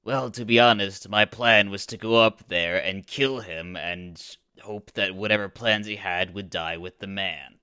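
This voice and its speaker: Male tabletop player, low, bright, crisp, dry close sound. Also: measured pace, few pauses, dry recording. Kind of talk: casual tabletop play.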